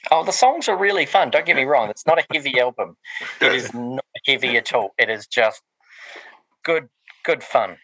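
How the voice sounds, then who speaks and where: A man's voice: medium pitch, lively intonation, moderate pace, pushed and bright, breathy edge, no echo, poor audio. A man, co-hosting a casual podcast and reviewing music, rambling with lots of ums and restarts. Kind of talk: casual chat.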